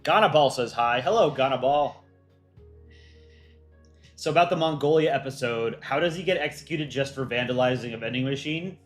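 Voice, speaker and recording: A man hosts a casual livestream, answering chat questions in a relaxed, offhand manner. He thinks aloud with frequent ums, at an ordinary middle pitch, with faint music underneath. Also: normal speed. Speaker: livestream host for a countryball animation channel.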